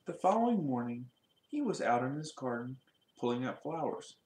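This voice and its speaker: A man reading a children's storybook aloud in a lively way, putting questions to his young listeners. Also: medium pitch, normal speed, echoey room.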